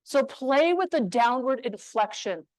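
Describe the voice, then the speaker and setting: Woman, from New Mexico, motivational speaker, dry close sound, emphatic, deliberate pauses. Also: high-pitched, animated, no room sound, rough recording. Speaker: speaker on voice skills. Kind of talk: motivational talk to a live audience. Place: room with an audience.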